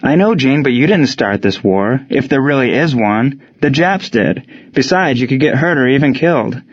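A man doing an earnest, spirited young woman in an audiobook, her voice raised well above his own and a touch louder. She pleads and scolds in turn, and the recording sounds a little muffled. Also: medium pitch, lively intonation, moderate pace, slightly rough, no room sound, pitched above the performer's own voice. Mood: worried.

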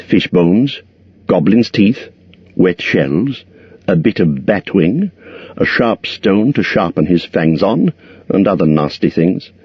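A man narrating a storybook in a measured, expressive reading. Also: deep voice, breathy edge, no echo, highs cut off. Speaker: audiobook narrator.

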